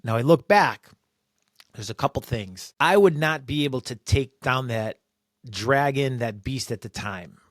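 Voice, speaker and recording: A man sharing a workplace story as a podcast guest, animated and acting out quoted voices. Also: mid-range voice, unhurried, no echo, clean studio sound. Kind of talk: personal storytelling.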